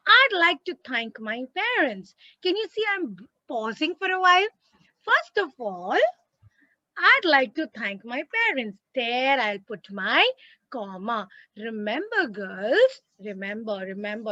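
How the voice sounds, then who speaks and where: A woman teacher with an Indian English accent, giving an online lesson in a lively, emphatic way and repeating words for stress. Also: high-pitched, no echo, lo-fi sound.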